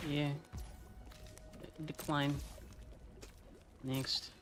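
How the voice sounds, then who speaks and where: Playful high-voiced man streaming a card game. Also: little pitch movement, very slow, music in the background. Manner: playful, jokey, talks to himself and the game. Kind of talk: casual gameplay commentary.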